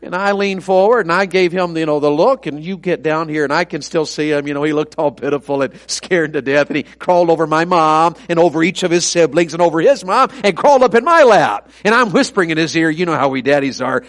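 A middle-aged evangelist preaches in a homespun, storytelling way. His voice sits somewhat high for a man, and he keeps the mood light with self-deprecating humor about his own family. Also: brisk, few pauses. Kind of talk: sermon.

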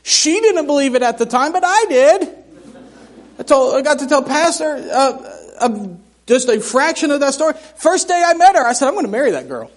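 A middle-aged man preaching a sermon in a church, telling folksy, humorous stories in an animated way. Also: very high voice, normal speed. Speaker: missionary preacher. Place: church sanctuary.

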